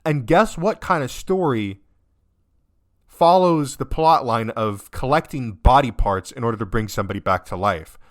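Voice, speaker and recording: A young man talks through a game he is playing, upset and close to tears. He swears constantly, breaks off sentences and rants, his mid-pitched voice swinging widely up and down. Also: animated, moderate pace. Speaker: let's-play gamer. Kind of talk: emotional game commentary.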